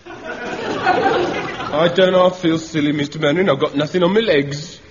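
An actor playing a naive, whining young private in a radio comedy. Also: male voice, fairly high pitch, huge pitch swings, unhurried, a faint crowd, slight background noise. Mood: sheepish. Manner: whining and complaining. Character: whiny naive young private, a mollycoddled boy. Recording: dull old radio recording, studio audience.

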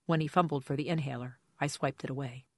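Audiobook narrator, hard-boiled detective story, wry and dry delivery, middling pitch, dead dry recording. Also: steady tone, fast talker, no echo. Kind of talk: first-person detective narration.

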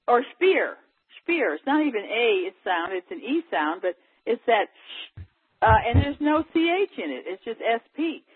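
A woman's voice: on the high side, slightly rough, no room sound. A woman chatting as a guest in a casual phone conversation, talking in a rambling, chatty way. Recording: tinny phone line.

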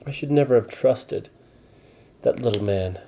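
A man voicing a big, gentle male giant in a bedtime story, with a wailing, raised voice. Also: measured pace. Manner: wailing, pitched up high.

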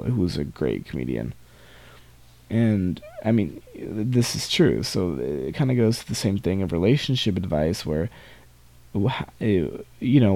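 Rambling teenage guy, low mellow voice. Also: dry recording. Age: teens. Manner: rambling, many restarts and asides. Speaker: podcast host. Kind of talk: casual solo monologue.

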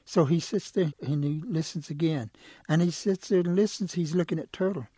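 A man telling a traditional animal story the way he tells it to schoolchildren, relaxed and animated. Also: a little high, normal speed, husky, no room sound, studio quality. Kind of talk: oral folk storytelling.

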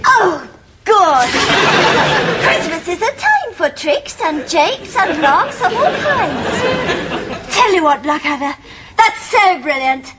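A woman's voice: extremely high pitch, sing-song, slow pace, a loud crowd, very noisy, exaggerated voice. A giddy, childish queen. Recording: TV recording with studio audience laughter.

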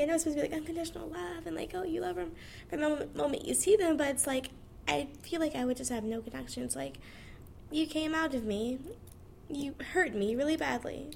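A woman's voice: high-pitched, vocal fry, a little hiss or hum. A nineteen-year-old woman, talking frankly and chattily about her life, laughing as she goes. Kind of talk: candid personal monologue.

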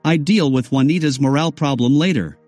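A man reads a first-person story with a wry, conversational delivery and a voice on the higher side. The sound is dry and close, with soft music under him. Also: a little fast, dry recording. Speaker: narrator. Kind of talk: first-person audiobook narration.

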